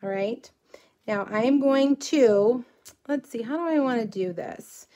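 A woman's voice: on the high side, a little slow, warm tone. A middle-aged woman from South Texas with a drawl, chatting casually and rambling as she hosts a crafting livestream and reads out viewer comments.

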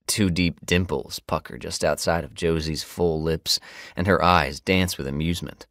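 A man with a very deep voice reads first-person fiction in an easygoing, wry way. He is recorded close on a studio mic. The booth sounds dead dry. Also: normal speed, fairly bright tone, no echo. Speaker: audiobook narrator. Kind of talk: first-person scripted narration.

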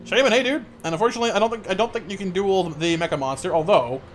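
A man's voice: sits high, rapid-fire, slight background noise. A man streaming live gameplay, chatting playfully with viewers and reacting to the game.

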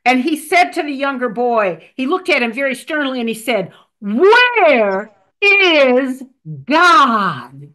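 A woman reading a joke and a devotional at church, expressive and deliberate. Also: high-pitched. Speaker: church lay reader.

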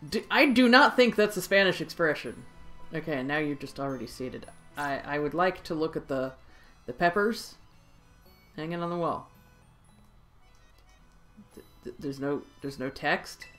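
A woman giving casual let's play commentary while playing a video game, chatty and quick to exclaim. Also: low-pitched, animated, a bit bright, soft background music.

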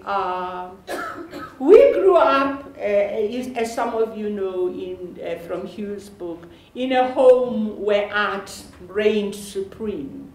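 A woman's voice: mid-range voice, slow pace, darkish tone. An older woman with a South African accent speaking on a university panel, chatty and joking, often laughing and restarting her sentences. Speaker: panel speaker, sister of the honoree. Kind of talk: informal public talk at a lecture panel. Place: university lecture hall. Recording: echoey hall with faint noise.

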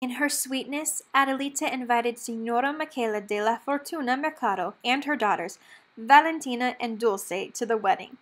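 A woman narrating a children's storybook aloud in a clear, steady storytelling manner. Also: fairly high pitch, normal speed. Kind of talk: children's book read-aloud.

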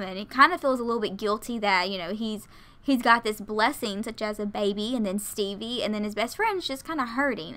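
A woman's voice: a little high, sharp tone. A woman casually commentating her life-sim game, chatty and laughing often. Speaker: let's play host.

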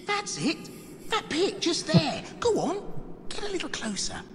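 A man's voice: very high voice, huge pitch swings, a little slow, a bit bright, heavily acted. An actor playing a sly, treacherous male trickster in a video game, mocking and cackling. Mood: taunting. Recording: game audio with long reverb and hiss.

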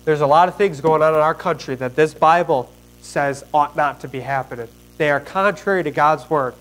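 A man preaching a sermon in a high-pitched voice. He retells a Bible story with folksy, animated energy, dropping casual slang as he talks to his congregation. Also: moderate pace, poor audio.

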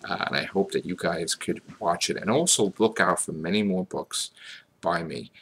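A deep, bright-toned American man rambles to his viewers in a casual vlog, earnest and self-mocking by turns. His voice is low but forceful, with a faint hiss of background noise. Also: moderate pace, creaky. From United States. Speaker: vlogger.

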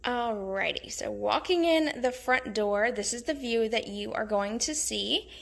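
A woman's voice: on the high side, animated, a little slow, gravelly, a bit bright. A woman, chatting casually with lots of fillers as she walks a camera through her small house. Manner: chatty, friendly, many "um" fillers. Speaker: home vlogger giving a house tour. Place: inside a small house, walking room to room.

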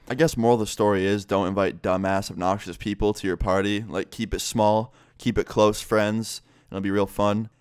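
A man's voice: lowish voice, steady tone, fairly quick, few pauses, clean tone, no room sound, clean studio sound. A young adult man vlogger telling a story in a blunt, casual way, full of swearing and "like".

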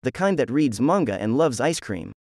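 A man's voice: mid-range voice, sing-song, moderate pace, darkish tone, dry recording, clean studio sound. A man voicing a rude, lazy teenage boy ninja antihero who talks in a crude, dismissive way. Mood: mocking.

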